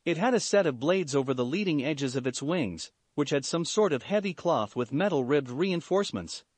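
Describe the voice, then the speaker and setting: A man's voice: a little high, no room sound. A man narrating a fan fiction story into a close mic, steadily, sometimes repeating a word. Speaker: story reader.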